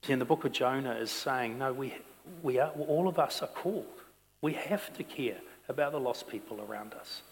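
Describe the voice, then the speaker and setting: A male pastor preaching a sermon. He swings between loud, emphatic stretches and quiet, intense ones. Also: medium pitch, normal speed, big-room sound. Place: church sanctuary.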